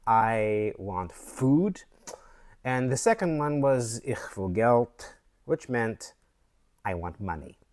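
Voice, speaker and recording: A man from Canada talking slowly and thoughtfully to camera in a reflective vlog, with fillers and restarts. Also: mid-range voice, darkish tone. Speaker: vlogger.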